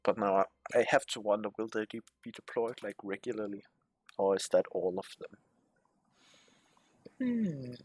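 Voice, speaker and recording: Brief: a low, husky male let's player who reads game text aloud and swears under his breath, with faint music behind. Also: animated, moderate pace, pauses often, no echo. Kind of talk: casual gameplay commentary.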